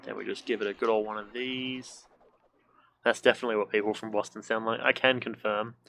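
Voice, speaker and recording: A man's voice: on the low side, little pitch movement, a little fast, vocal fry, pushed and bright, slight background noise. Joking young male game streamer. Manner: joking, swearing, makes sound effects like boing and bonk. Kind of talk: casual let's-play commentary.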